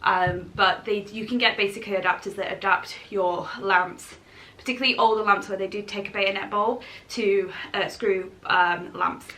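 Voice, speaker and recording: A woman's voice: mid-range voice, fairly even intonation, moderate pace, bright, forceful tone. A woman, chatting casually and enthusiastically to camera at home, often laughing. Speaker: lifestyle vlogger. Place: at home, indoors.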